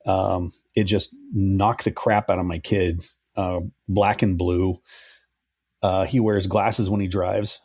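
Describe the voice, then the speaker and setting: A middle-aged man with a lowish voice and a husky edge talks through a story at easy length. The sound is dry and close, with no room around it. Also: slow pace, no echo. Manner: relaxed storytelling, swears freely. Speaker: podcast co-host. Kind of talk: casual podcast chat.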